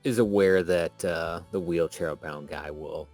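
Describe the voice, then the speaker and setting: Very deep-voiced man playing a tabletop game. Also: fairly even intonation, a little slow, darkish tone, faint music behind. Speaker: player. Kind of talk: tabletop role-play.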